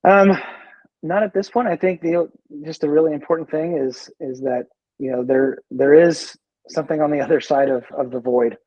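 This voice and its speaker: A man with a husky, slightly breathy voice tells his story in an easygoing way, stopping often and going back over his words. His sound is dry and a bit muffled, like a lo-fi remote call. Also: on the high side, moderate pace, no echo. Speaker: guest, veteran in recovery. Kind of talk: casual interview talk.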